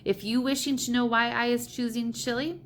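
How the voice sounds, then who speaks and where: A woman's voice: a little high, fairly even intonation, slight background noise, voice pushed up, close to an everyday voice. Woman doing a roaring, bullying giant. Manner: roaring and bellowing, slow and menacing. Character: huge brutish man-eating male giant, greedy and bullying.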